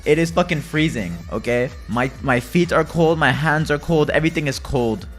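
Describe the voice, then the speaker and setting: A man streaming a game from home, chatting loosely with viewers, swearing freely and swinging between low mutters and loud rants. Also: moderate pace, soft background music. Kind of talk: casual live-stream chat while gaming.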